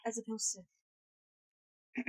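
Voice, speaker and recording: A woman's voice: on the high side, level tone, takes it slowly, mellow, husky, low-quality recording. A woman live streaming in casual chat, playful and blunt, swearing freely, speaking English as a second language. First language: not English.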